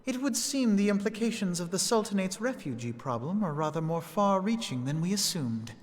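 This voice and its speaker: A man's voice: high-pitched, sing-song, fairly quick, slight background noise. An actor playing a formal, earnest male ally in a game cutscene, with courteous, formal phrasing. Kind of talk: video game cutscene voice acting.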